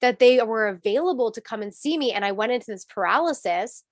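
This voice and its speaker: A woman with a fairly high voice tells a story in a casual interview, animated and acting out what people said. Her voice sounds close and dry, with little room sound. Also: fast, dry recording. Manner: animated, acts out quotes, swears, laughs. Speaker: guest, spiritual coach.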